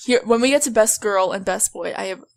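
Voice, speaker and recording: A woman's voice: medium pitch, brisk, gravelly. A woman co-hosting a casual podcast, chatty and playful, often giggling. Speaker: podcast co-host.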